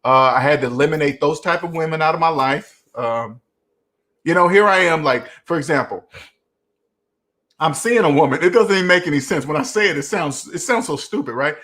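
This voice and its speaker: A man's voice: fairly high pitch, a little fast, fairly bright tone. A man in his forties hosting a casual live Q&A, telling rambling stories that he keeps punctuating with "right?" and the odd chuckle. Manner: rambling, repeats "right?" often. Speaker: host.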